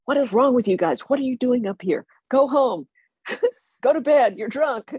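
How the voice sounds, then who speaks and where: Storyteller putting on a fed-up old colonel yelling get down, voice jumps up high, dry sound. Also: normal speed, husky, dry recording. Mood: scolding. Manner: incredulous, scolding. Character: exasperated older male colonel, scolding.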